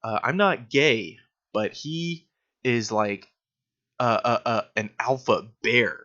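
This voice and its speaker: A young political commentator gives casual, sarcastic video commentary in a medium-pitched, slow, sharp-toned voice. He mocks his target and uses lots of fillers, and the recording sounds dull and lo-fi.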